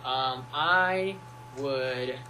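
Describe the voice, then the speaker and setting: A young man with a bright, forward voice talks loosely and playfully, jumping into little impressions as he tells stories. He is chatting over a home setup, and a faint electrical hum sits under the voice. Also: medium pitch, extremely slow, low-quality recording. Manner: playful, rambling storyteller who acts out quotes. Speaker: music producer guest. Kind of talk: casual chat.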